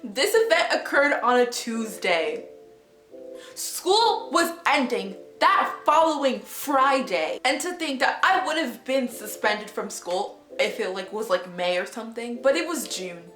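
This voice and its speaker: Woman vlogger telling a story all dramatic, bit high voice, echoey room with faint music. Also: measured pace. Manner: dramatic, animated, swears casually. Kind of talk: casual storytime.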